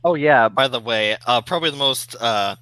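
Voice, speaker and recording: A man's voice: mid-range voice, normal speed, bright, forceful tone, no echo, rough recording. A young man as a guest in a casual online interview, easygoing and laughing often, sometimes hesitant.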